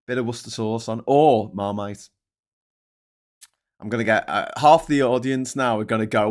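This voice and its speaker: A man's voice: on the low side, normal speed. A man hosting a live stream, talking in a casual, sweary, rambling way that keeps drifting off topic. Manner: sweary, rambling, easily sidetracked; excitable when thanking viewers. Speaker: livestream host.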